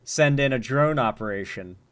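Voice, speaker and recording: A man giving casual, animated commentary while reacting to news clips, urgent and joking by turns. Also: medium pitch, moderate pace.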